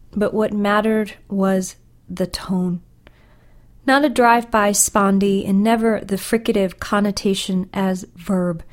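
Slow, deliberate woman poet. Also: mid-range voice. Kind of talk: reading her own poetry.

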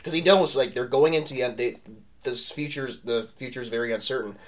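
A man talking history casually as a podcast co-host, animated and rambling, peppering his talk with "like" and "right?". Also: mid-range voice, a little fast.

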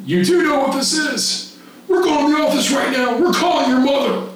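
A man doing the voice of a stern older male camp director, scolding and shouting in a raised voice. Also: very high-pitched, fairly quick, a little hiss or hum, voice pushed up. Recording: roomy echo, distant mic.

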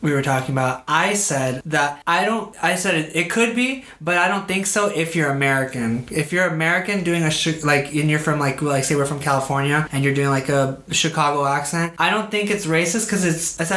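A man's voice: a little high, brisk, hardly any pauses, bright, forceful tone, echoey room. A man co-hosting a casual podcast, rambling and hesitant with many fillers. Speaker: podcast co-host. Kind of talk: casual chat.

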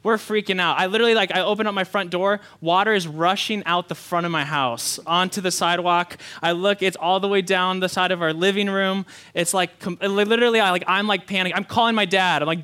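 Fast-talking pastor, bright voice. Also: male voice, high voice, clear, resonant tone. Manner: quick, animated storytelling with many fillers; hushed, slow prayer. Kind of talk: sermon with prayer and story. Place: church hall.

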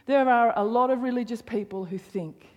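A woman's voice: fairly high pitch, normal speed, long reverb tail. A woman preaching a sermon, emphatic, repeating phrases for stress and sometimes dropping to a near whisper.

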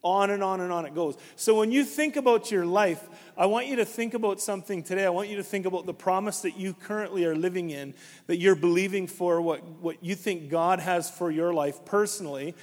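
A man's voice: sits high, fairly quick. A man preaching a conversational sermon as a pastor, telling stories with many restarts. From Canada. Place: church. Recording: long hall reverb.

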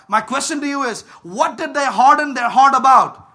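A man preaching a sermon with fervor, rising to shouts and calling on the congregation to answer back. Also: extremely high pitch, normal speed. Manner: fervent, rises to shouts and calls for congregation responses. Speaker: pastor.

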